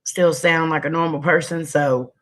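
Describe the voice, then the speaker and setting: A man's voice: a little high, steady tone, normal speed, sharp tone. A man hosting a casual livestream. He chats with viewers, greets them by name and sniffles now and then. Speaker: livestream host.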